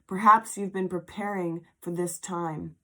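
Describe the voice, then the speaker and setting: A woman doing a tarot reading in an emotional spiritual vlog, reading card text slowly and breaking into heartfelt asides. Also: on the low side, fairly even intonation, a bit bright. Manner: murmured affirmations. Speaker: tarot reader.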